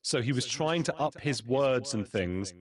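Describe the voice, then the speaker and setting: A man's voice: mid-range voice, animated, a little slow. A man interviewing a guest in casual chat, speaking hesitantly and self-deprecatingly, with frequent restarts.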